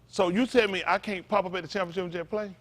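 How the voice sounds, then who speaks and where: High animated preacher man. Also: fast talker. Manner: animated, calls out to the congregation, folksy vernacular. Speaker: pastor. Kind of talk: interactive sermon.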